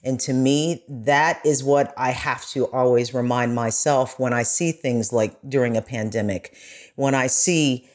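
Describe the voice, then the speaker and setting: A woman's voice: extremely low pitch, measured pace, a little mellow. A woman journalist, a podcast guest, talking earnestly and with feeling in casual conversation. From United States. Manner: earnest, growing emotional.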